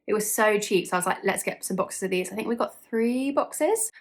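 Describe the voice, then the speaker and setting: A woman's voice: mid-range voice, animated, brisk. A young woman telling a story casually to her vlog audience, chatty, with lots of fillers and frequent laughs. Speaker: vlogger.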